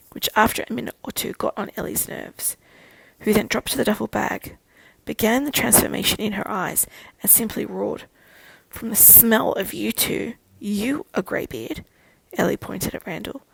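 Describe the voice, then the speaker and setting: A woman narrating a fan fiction audiobook in a steady storytelling manner. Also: mid-range voice, normal speed, creaky, slightly rough, no room sound, poor audio.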